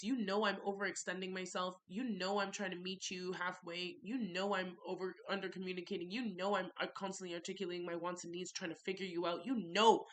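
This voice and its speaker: A woman's voice: medium pitch, a bit bright. A young woman vlogging a candid, frustrated story about her relationship, ranting and repeating herself for emphasis. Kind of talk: confessional storytime vlog.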